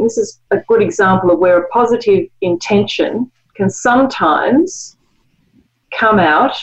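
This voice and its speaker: Reflective woman author, muffled recording. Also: mid-range voice. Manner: measured, reflective explaining. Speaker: author and guest. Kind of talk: conversational interview.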